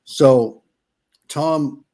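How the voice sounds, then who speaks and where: A man's voice: on the high side, extremely slow, mellow. A middle-aged man from California, a podcast guest telling motocross stories in a casual, rambling way, restarting sentences and acting out what others said. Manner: rambling, restarts, acts out quotes. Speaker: podcast guest, former off-road racer. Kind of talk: casual storytelling.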